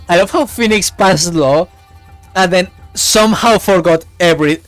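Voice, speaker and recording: A man's voice: high voice, normal speed, soft background music. A man streaming a game live, chatting loosely and tripping over his words as he reads along. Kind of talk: live game playthrough with read-aloud dialogue.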